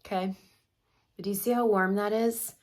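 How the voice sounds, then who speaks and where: A woman's voice: mid-range voice, fairly even intonation, moderate pace, darkish tone. Chatty middle-aged woman. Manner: chatty, opinionated, talks while applying makeup. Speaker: makeup artist. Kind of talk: casual makeup tutorial.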